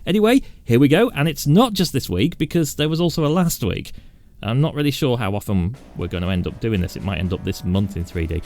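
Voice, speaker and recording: Dry-witted British man, lively delivery. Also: mid-range voice, a little fast, no echo. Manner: dry, self-mocking sarcasm. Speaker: tech channel host. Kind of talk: casual news roundup.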